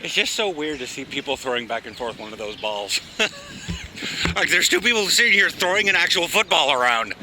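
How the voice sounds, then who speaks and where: A man talking casually and joking as he walks through a city and park, speaking into a handheld camera. He swears freely, and his voice is loud and booming. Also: sing-song, a little fast, low-quality recording. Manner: chatty, joking, swears often. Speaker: vlogger. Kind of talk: casual walking vlog chat. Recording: street noise and passing traffic. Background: traffic and trams.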